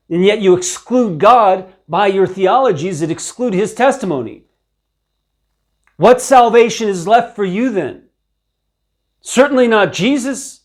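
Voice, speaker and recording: Stern, slow-spoken man preaching. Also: sits high. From Ukraine. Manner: stern, slow and deliberate, gentle but terse rebuke. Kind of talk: scripture teaching sermon.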